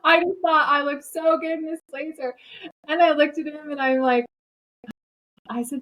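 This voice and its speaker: A woman author and podcast guest, telling anecdotes in an animated way and laughing as she talks. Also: high voice, normal speed, low-quality recording. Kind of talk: casual storytelling in an interview.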